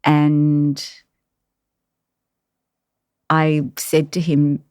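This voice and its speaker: A woman, a carer, telling her personal story in an interview, reflective and halting with many pauses. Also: low-pitched, expressive, a little mellow, no room sound, clean studio sound.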